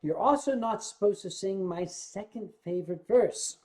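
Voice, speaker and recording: A man's voice: high-pitched, normal speed, hardly any pauses, warm tone. An older man hosting a livestream, tipsy from drinking and rambling along with stammers and swearing. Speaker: livestream host.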